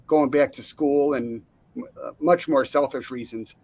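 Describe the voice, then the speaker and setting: A middle-aged man recounting his life in a relaxed interview, acting out the voices of the people he quotes, with frequent fillers and restarts. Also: medium pitch, measured pace, vocal fry, breathy edge. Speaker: interview guest, Navy veteran. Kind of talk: casual storytelling.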